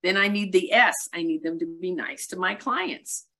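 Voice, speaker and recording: A middle-aged woman giving a webinar as a real estate coach, talking in a brisk, emphatic way with self-deprecating asides. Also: fairly low pitch, fairly bright tone. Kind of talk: webinar presentation.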